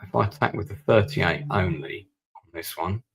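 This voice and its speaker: A man's voice: low-pitched, moderate pace, creaky, a bit bright. A man streaming a strategy war game, thinking aloud and muttering over his moves as he plays. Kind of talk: live-stream gameplay commentary.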